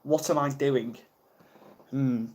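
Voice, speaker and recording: A man's voice: mid-range voice, fairly even intonation, slow, darkish tone, slight background noise. A young man from the UK chatting casually on a live stream, flustered and rambling, mocking himself as he goes. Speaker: ASMR livestreamer.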